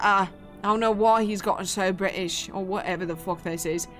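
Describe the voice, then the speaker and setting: A woman's voice: mid-range voice, steady tone, normal speed, hardly any pauses, soft background music. A woman streamer chatting playfully while playing a game. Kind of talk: casual gameplay commentary.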